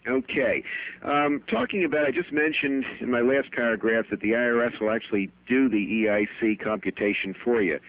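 A man's voice: mid-range voice, a little fast, no echo. A middle-aged man, an accountant guest on a radio show, telling anecdotes in a chatty way and laughing at his own stories. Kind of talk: radio interview storytelling. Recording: tinny phone-band radio broadcast.

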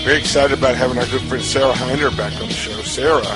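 A man's voice: medium pitch, quick pace, over loud music, low-quality recording. A man hosting a radio talk show, chatting casually and joking, repeating words as he starts his sentences.

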